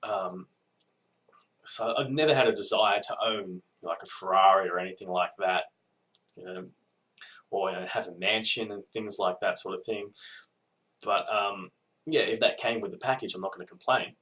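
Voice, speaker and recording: A relaxed Australian man with a fairly low voice, chatting to camera in a casual video response. He rambles in a loose, unhurried way, stopping often for ums and small restarts. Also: rough recording. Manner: hesitant, many ums and restarts, laid-back. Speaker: podcast listener giving a video response.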